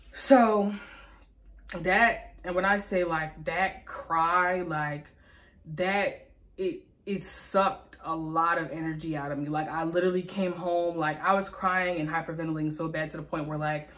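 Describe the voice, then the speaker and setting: Young woman vlogger, fired-up emphatic storytelling, swears freely, a bit low-pitched. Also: fairly even intonation, a little slow, a bit bright. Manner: heated, emphatic venting with frequent profanity and repetition. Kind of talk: casual storytime vlog.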